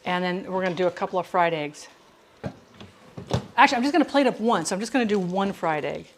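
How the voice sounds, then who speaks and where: A woman's voice: lowish voice, expressive, quick pace, slight background noise, rough recording. A middle-aged woman hosting a live cooking demonstration from her kitchen, chatting and telling rambling stories as she cooks. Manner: rambling, warm storytelling with frequent asides to viewers. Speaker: cooking show host. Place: home kitchen. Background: sizzling frying pan.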